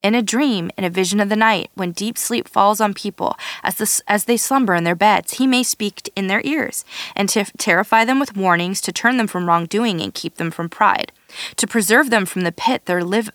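A woman reads scripture aloud at an even, measured pace, sometimes tripping over a word and starting it again. Her voice sits in an ordinary middle register. The recording is dry, with no room sound around her. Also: mid-range voice, no echo. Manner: steady, measured reading with occasional slips and restarts. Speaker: scripture reader.

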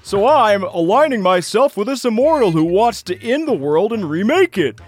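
A man voicing a dim-witted, cheerful male rock creature in a tabletop game, talking in a slow, dopey way. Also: high-pitched, sing-song, soft background music, pitched above the performer's own voice.

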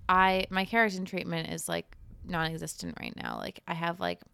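A woman's voice: fairly low pitch, huge pitch swings, moderate pace, vocal fry, a bit bright, clean tone, no room sound. A young woman co-hosting a podcast, chatting casually and animatedly, often drifting back from her microphone. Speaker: podcast co-host. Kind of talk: casual chat. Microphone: moves back and forth from the microphone.

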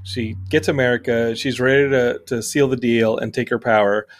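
Male podcast host, excitable casual movie talk, swears a lot. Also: medium pitch, normal speed. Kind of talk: casual movie review chat.

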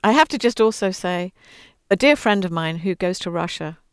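Earnest, expressive woman with smooth voice. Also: lowish voice, moderate pace, no room sound, clean studio sound. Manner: earnest and expressive, voicing quoted lines. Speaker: guest author reading her book. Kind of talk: conversational interview, then storybook read-aloud.

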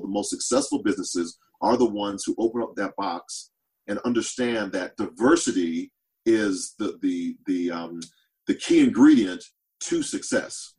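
A man with a lowish, slightly mellow voice talks as a podcast guest, earnest and reflective, in a rough recording. He thinks aloud in reflective interview talk, often repeating words as he goes.

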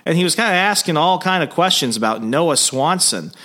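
Man voicing a high, folksy barman, cheery drawl. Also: animated, a little fast, pushed and bright. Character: folksy male small-town bartender.

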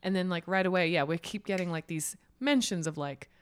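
Low-voiced woman chatting about movies. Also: clear, resonant tone. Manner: chatty, quick asides, laughs often. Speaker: podcast co-host. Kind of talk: casual chat about films.

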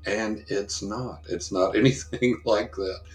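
A man, a psychic guest, chatting and telling stories in an animated way. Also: on the low side, slow pace, echoey room. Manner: animated, acts out quoted voices; casual chatty. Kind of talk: casual storytelling.

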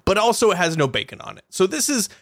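A man co-hosting a casual comedy podcast, goofy and excitable, prone to laughing and squealing. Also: sits high, quick pace, no room sound, clean studio sound. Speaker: podcast co-host. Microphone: studio mic with headphones and compressor.

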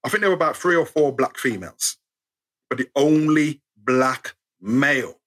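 A young British man telling a funny personal story as a guest, animated and acting out the people in his tale. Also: mid-range voice, moderate pace. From United Kingdom.

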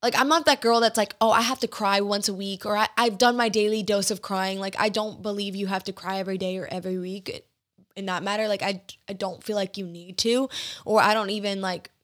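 A woman's voice: medium pitch, steady tone, a little fast, a bit bright. A young woman hosting her own podcast, talking casually and confidingly about her week and her feelings, with many filler words. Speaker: podcast host. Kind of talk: casual solo podcast chat.

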